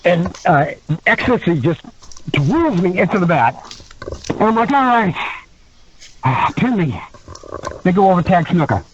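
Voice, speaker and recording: A man tells a story in a high, lively voice that rises and falls a lot. He acts out other people's lines and laughs as he goes. The recording is muffled and lo-fi, with a faint hiss. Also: a little slow, long pauses. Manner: animated storyteller who acts out quotes and laughs. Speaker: guest, former wrestler. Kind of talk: podcast storytelling. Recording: dull lo-fi sound with faint noise.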